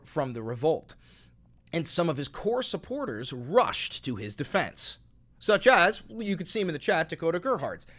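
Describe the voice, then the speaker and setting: A man hosting a live-streamed political commentary show, reading news stories aloud and riffing on them with profanity. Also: on the high side. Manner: animated, profane, reads news aloud then riffs.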